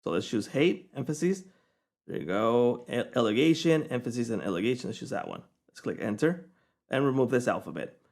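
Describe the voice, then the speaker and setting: Guy demoing an app on screen, easygoing, keeps saying okay, mid-pitched voice. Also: expressive, fairly quick, creaky, a little mellow. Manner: casual, chatty, keeps checking in with "okay?". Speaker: software reviewer. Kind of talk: screen-recorded software tutorial.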